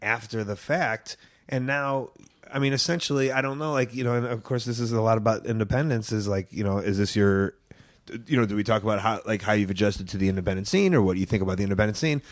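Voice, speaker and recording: A man's voice: fairly low pitch, fast talker. A man hosting a podcast, chatting casually with a guest, laughing often and rambling through loose restarts. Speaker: podcast host.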